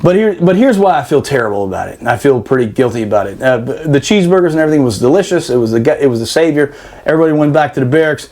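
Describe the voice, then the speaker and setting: A man telling a barracks story on a podcast in a casual, animated way, swearing, laughing and acting out quotes. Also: mid-range voice, very fast.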